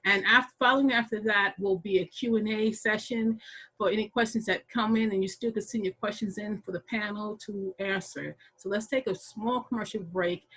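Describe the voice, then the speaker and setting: A woman's voice: medium pitch, steady tone, moderate pace, a bit bright, husky, poor audio. A woman hosting an online gardening workshop, chatty and enthusiastic, often laughing as she asks questions. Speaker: workshop host. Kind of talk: casual online workshop moderating.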